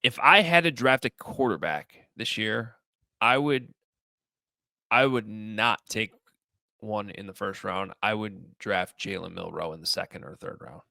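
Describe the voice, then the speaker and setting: Gravelly, animated man talking football. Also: lowish voice, measured pace, dry recording, clean studio sound. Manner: animated, jokey, trails off and restarts. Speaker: sports podcaster. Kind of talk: casual sports chat.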